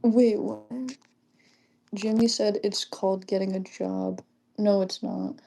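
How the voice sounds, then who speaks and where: Giggly gravelly-voiced young woman streamer. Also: medium pitch, level tone, slow. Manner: reads chat aloud, giggly, hushed, keeping quiet. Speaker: livestreamer. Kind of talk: casual livestream chat.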